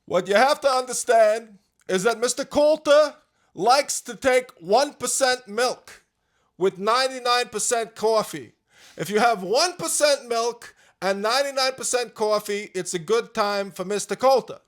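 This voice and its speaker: A man doing an impression of a gruff, lecturing older male politician, speaking loudly and emphatically. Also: very high voice, unhurried, pitched above the performer's own voice. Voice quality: emphatic, loud and raised.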